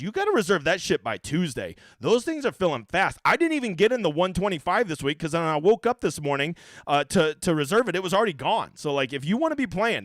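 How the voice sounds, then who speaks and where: Brash male stream host, high voice, rapid-fire delivery, swears freely, dry close mic. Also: no echo. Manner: brash, profane, joking. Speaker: fantasy golf streamer. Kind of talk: casual livestream chat.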